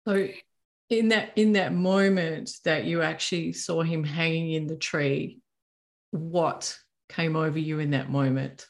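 A woman interviewer asking gentle, probing questions. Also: sits low, steady tone, unhurried, vocal fry.

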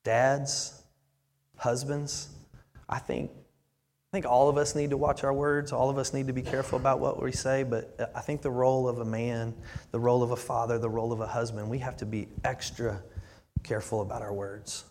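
A man's voice: mid-range voice, little pitch movement, moderate pace, darkish tone, slight background noise. A male pastor preaching a sermon in earnest, often repeating his words as he builds up. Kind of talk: sermon with live demonstration. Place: church sanctuary. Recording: long reverb of a church hall.

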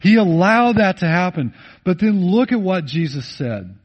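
A male pastor preaching a sermon, swinging between loud emphatic rises and low, intimate drops, and slowing down to read scripture. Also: big pitch swings, highs cut off. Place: church.

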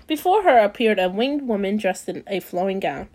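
A podcast host reads a bedtime story aloud but often rambles and drifts off topic, sprinkling her talk with frequent "like" fillers. Her medium-pitched, darkish voice swings widely in pitch at a moderate pace, in a casual style.

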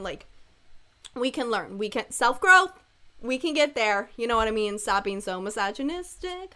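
A woman's voice: a little high, a bit bright. A woman in her twenties hosting a casual solo podcast, candid and rambling with lots of asides, joking irreverently and laughing often. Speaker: podcast host.

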